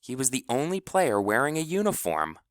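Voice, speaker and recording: A man narrates an audiobook with expressive storytelling, his voice medium in pitch and his pace normal. The recording is studio quality with no room sound.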